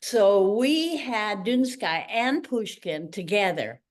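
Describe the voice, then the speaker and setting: In a relaxed interview, this older Canadian guest, a retired ballerina and teacher, talks at a slow pace with a mid-range voice. Her storytelling is lively, and she acts out what others said in their own voices.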